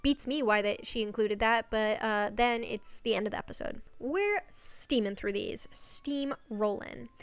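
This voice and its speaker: A woman's voice: on the high side, animated, a little slow, few pauses, clean tone, no room sound. A woman chatting casually as she recaps a series, rambling with fillers and the odd swear. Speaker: channel host recapping a series.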